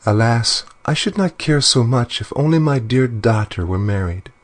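A man's voice: medium pitch, animated, moderate pace, pitched above the performer's own voice, lightly acted. A man reading a fairy tale aloud and voicing a frightened queen, pleading in distress. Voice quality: pleading, fearful. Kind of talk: storybook narration.

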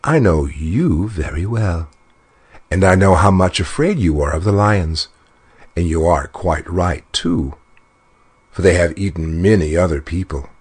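A man's voice: low voice, lively intonation, a little slow, darkish tone, slightly rough, full character voice. A man reading a fairy tale aloud and voicing a smug, greedy little male dwarf with a sly, disdainful manner. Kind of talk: storybook narration.

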